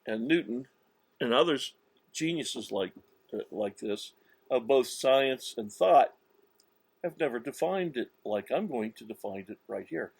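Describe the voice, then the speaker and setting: A man giving a slow, insistent religious monologue, with many restarts and stressed words. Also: medium pitch, expressive, vocal fry, slightly rough, dry recording. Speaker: religious commentator. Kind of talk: self-recorded religious monologue.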